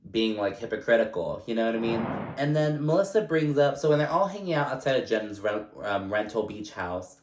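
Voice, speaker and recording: A man's voice: mid-range voice, expressive, moderate pace. A man hosting a casual recap vlog, chatty and loose, full of fillers and casual swearing. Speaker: recap vlogger. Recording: echoey room.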